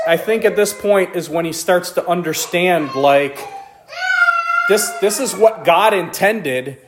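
High-voiced man teaching Bible verses. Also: a little hiss or hum. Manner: reads scripture aloud then comments with playful asides and laughs. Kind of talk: casual verse-by-verse Bible study.

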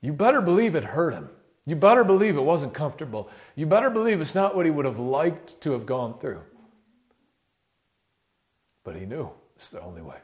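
A man preaching a sermon in a casual, slangy way, dropping to hushed, low murmurs and rising to loud, impassioned peaks. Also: big pitch swings, moderate pace.

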